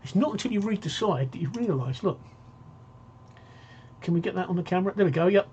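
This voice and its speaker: A man's voice: high voice, lively intonation, brisk, pauses often, a little mellow, a little hiss or hum. Chatty man on a muffled stream. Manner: chatty, rambling, jokey, reads viewer comments aloud. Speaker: talk show host. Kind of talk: casual live-stream chat.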